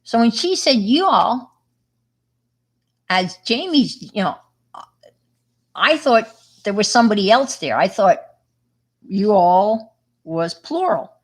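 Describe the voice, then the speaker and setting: A woman's voice: on the high side, very animated, normal speed. A middle-aged woman with a New York accent, chatting casually with viewers on her livestream, rambling with lots of fillers and restarts. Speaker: livestream host.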